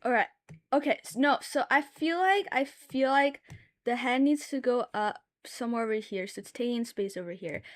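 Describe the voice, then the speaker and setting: A young woman streaming while she draws, rambling and thinking aloud, with sudden loud, excited bursts. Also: on the high side, moderate pace. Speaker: art streamer. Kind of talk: casual live-stream chat while drawing.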